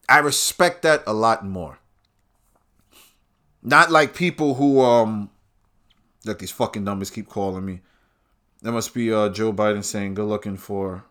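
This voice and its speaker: Podcast host, crude combative ranter, bright forceful voice. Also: male voice, mid-range voice. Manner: crude, combative, swearing freely. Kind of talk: profane rant.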